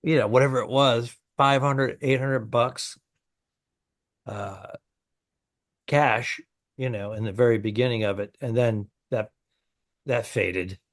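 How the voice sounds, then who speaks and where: A man co-hosting a comedy podcast, trading stories and quick jokes in casual talk. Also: medium pitch. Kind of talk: casual banter.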